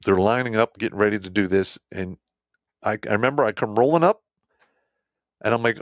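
A man telling a war story as an army veteran in a casual, blunt, heavily profane way, swinging between loud outbursts and low muttered asides. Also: brisk, pauses often, no echo, studio quality.

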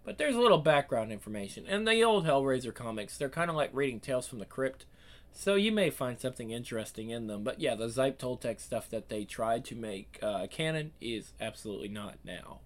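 A man's voice: medium pitch, very animated, brisk. A man reading comics aloud and breaking off for rambling, enthusiastic fan commentary full of fillers. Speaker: reader and commentator.

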